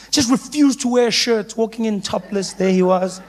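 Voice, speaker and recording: A man, telling a stand-up story in an animated way. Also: sits high, moderate pace. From South Africa. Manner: animated, slipping into voices of the people in his story. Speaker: stand-up comedian.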